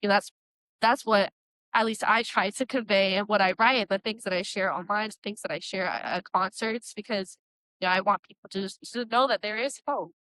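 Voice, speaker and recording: A young woman tells her story in a candid, earnest way, wandering through thoughts with lots of likes and you-knows. Her voice sits at a middle pitch. The recording is close and dry. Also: fairly even intonation, a little fast, a bit bright, no echo, low-quality recording. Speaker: guest, Christian metal singer. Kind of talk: candid personal testimony.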